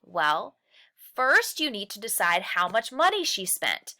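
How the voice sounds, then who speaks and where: A woman's voice: mid-range voice, big pitch swings, bright, forceful tone. A woman teacher walking young students through worksheet pages, patiently explaining step by step and asking questions as she goes. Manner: stretches and slows key words for emphasis. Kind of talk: recorded lesson walkthrough.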